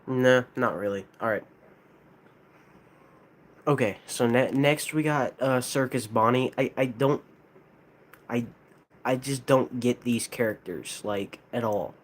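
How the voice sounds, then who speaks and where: A man with a lisp, chatting casually on a live stream, hesitant and halting, with frequent restarts. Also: medium pitch. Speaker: streamer ranking plush toys.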